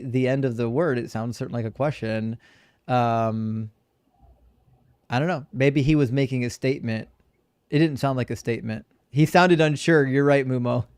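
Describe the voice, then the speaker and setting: A man's voice: medium pitch, darkish tone, dry recording. A man hosting a live call-in debate show, blunt and needling with his callers.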